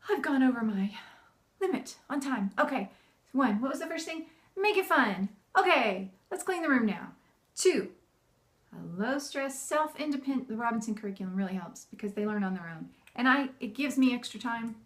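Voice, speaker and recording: A homeschooling mom with a somewhat high voice talks at normal speed, chatting casually to the camera. She's lively and laughs often as she acts out the bossy and cheerful voices she uses with her kids.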